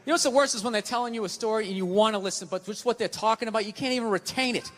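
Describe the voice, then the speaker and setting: With a high voice and rapid-fire delivery that barely pauses, a middle-aged comedian rants on stage, loud, exasperated and swearing. A faint hiss or hum sits under the recording, made in a live hall with long reverb while the crowd laughs.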